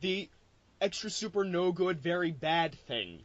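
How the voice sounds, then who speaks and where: A man's voice: high-pitched, lively intonation, a little slow. A man co-hosting a podcast, reacting wryly and laughing often during casual comedic chat. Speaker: podcast co-host. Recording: dull lo-fi podcast audio.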